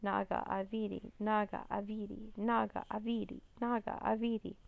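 A woman's voice: mid-range voice, fast, smooth, no room sound, phone-quality sound, lightly acted. A woman reading as entranced chanting twins. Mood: trance-like. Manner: flat, trance-like chanting. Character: entranced twin children chanting.

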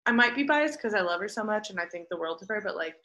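Woman co-host with a bright, sharp tone; lively storyteller in casual chat. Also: mid-range voice, quick pace, rough recording. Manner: animated storyteller, fond of acting out voices. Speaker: podcast co-host.

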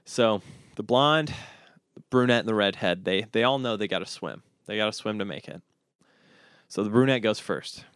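A man hosting a podcast, telling jokes in an animated, chuckling way and often repeating himself. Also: lowish voice, moderate pace, clear, resonant tone, no echo, clean studio sound. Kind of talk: casual joke-telling chat.

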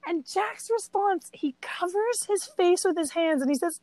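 Co-host, woman, high bright pitch, dry close mic, lively storyteller. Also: measured pace, dry recording. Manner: animated storyteller, acting out lines. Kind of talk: casual chat about a favorite movie.

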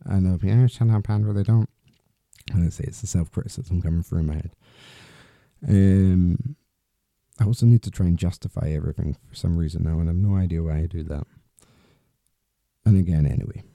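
A man's voice: sits low, steady tone, fairly quick, creaky, pauses often, mellow, no room sound, clean studio sound. A man hosting a solo podcast, talking in a rambling, candid way with restarts and the odd swear word. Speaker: podcast host.

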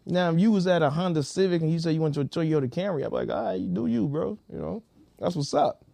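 A man co-hosting a podcast in casual chat, animated and prone to repeating himself. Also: on the high side, fast talker, creaky, no room sound. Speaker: podcast co-host.

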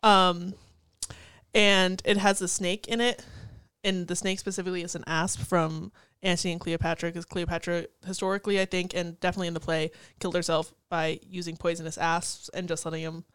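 A woman's voice: lowish voice, little pitch movement, brisk, a bit bright, clean tone, no room sound, studio quality. A young woman co-hosting a podcast in casual chat, blunt and profane, laughing easily. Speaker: podcast co-host.

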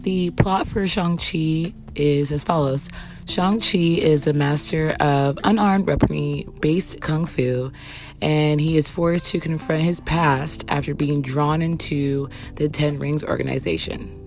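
A woman hosting a podcast movie review, hoarse from losing her voice, chatting casually. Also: deep voice, steady tone, measured pace, a little mellow, faint music behind. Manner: chatty, with fillers and restarts. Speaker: podcast host.

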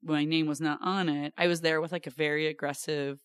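A woman's voice: low voice, level tone, fairly quick, clean tone, dry recording, clean studio sound. A woman in her thirties, a podcast guest chatting casually with a wry, self-deprecating humor. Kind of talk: casual chat.

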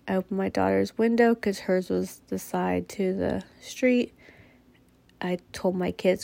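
A woman's voice: mid-range voice, fairly even intonation, measured pace, gravelly, dark tone, no room sound. A mother telling a personal story in a casual, candid way. She speaks bluntly and swears freely.

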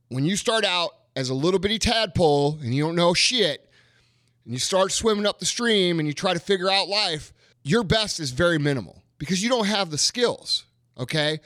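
A man's voice: high-pitched, a bit bright, no room sound, studio quality. A man hosting a motivational podcast, talking bluntly and emphatically with plenty of profanity and punchy rhetorical questions. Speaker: podcast host.

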